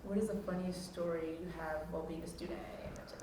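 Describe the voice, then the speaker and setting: A woman's voice: lowish voice, steady tone, fast, warm tone, distant mic. A teenage girl interviewing a classmate for the school yearbook, chatty and reading set questions. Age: teens. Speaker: student interviewer. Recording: echoey room with faint noise.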